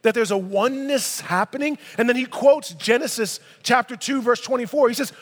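Extremely high-pitched and brisk, with few pauses, this pastor in his thirties preaches a sermon in a church sanctuary. He reads scripture and breaks off into casual, emphatic asides, and his words echo with the long reverb of a large hall.

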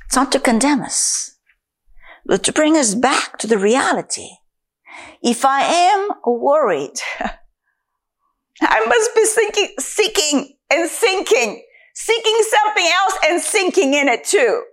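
A woman delivers a sermon in a high, bright-toned voice. She speaks slowly and with emphasis, drawing words out between lines of scripture. Her pitch swings widely as she preaches. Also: animated. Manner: slow, emphatic, scripture-quoting.

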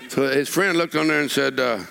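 A man preaching a sermon in a church, telling folksy stories and building up to shouted declarations. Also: medium pitch, steady tone, a little fast, gravelly. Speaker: pastor. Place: church sanctuary.

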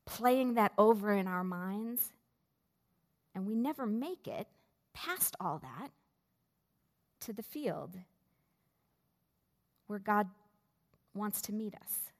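A woman pastor preaching a sermon in a slow, measured way with deliberate pauses. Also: mid-range voice, lively intonation. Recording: long reverb of a large hall.

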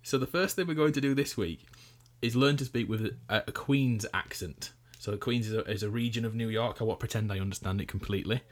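A man's voice: on the low side, fairly quick, hardly any pauses. A man hosting a casual chat about a video game, leading the talk with jokes. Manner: leads the talk, jokey. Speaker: podcast host.

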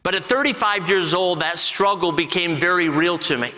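A man in his forties, an assistant pastor, giving a personal testimony to his congregation in an earnest, halting way full of restarts. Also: high voice, sharp tone, long reverb tail, low-quality recording. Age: 40s.

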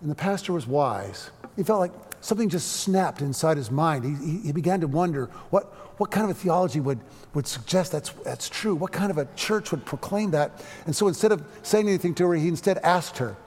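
An earnest male preacher telling a story in a sermon, halting and restarting his phrases. His voice sits somewhat high for a man. A long reverb from a large hall trails each line. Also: lively intonation, a little mellow, husky.

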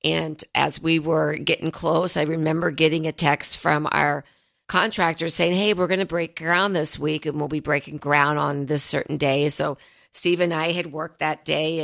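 A woman's voice: deep voice, creaky, fairly bright tone. A woman financial advisor hosting a radio talk show, telling stories in an earnest, chatty way. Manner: storytelling, earnest. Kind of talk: casual radio chat.

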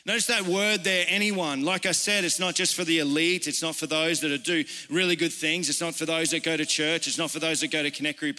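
Australian male pastor, earnest, chatty sermon delivery, bright voice, echoing church hall. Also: a little high, fairly even intonation, normal speed. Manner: earnest, conversational, personal storytelling. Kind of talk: informal sermon. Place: church service.

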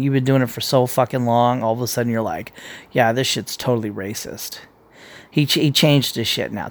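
Blunt, profane man ranting casually. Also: medium pitch. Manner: blunt and profane, rambling with repeated restarts. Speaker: commentator. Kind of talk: casual opinion rant.

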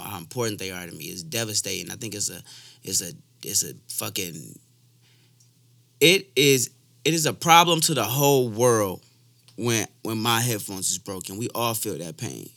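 A man's voice: fairly low pitch, fairly bright tone. A young man hosting a casual podcast chat, loose and profane, joking and repeating himself as he talks. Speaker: podcast host.

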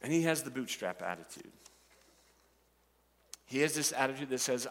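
A man preaching a sermon, animated and acting out the voices of the characters and the crowd. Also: mid-range voice, normal speed, long reverb tail. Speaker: pastor.

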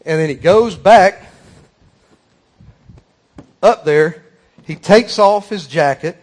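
A man's voice: high voice, takes it slowly, darkish tone. A man preaching a sermon, telling a folksy story with emphatic repeated phrases.

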